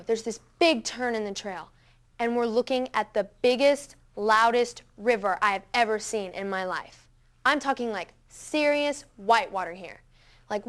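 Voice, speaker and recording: A woman's voice: on the high side, a bit bright. Chatty, dramatic woman storyteller. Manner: chatty, dramatic, full of "like" fillers. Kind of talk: scripted first-person monologue.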